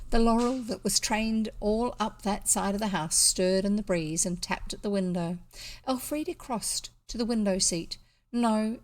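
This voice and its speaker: New Zealand woman reading a storybook aloud. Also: medium pitch. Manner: relaxed, with small asides and restarts. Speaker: audiobook reader. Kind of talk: reading a classic novel aloud.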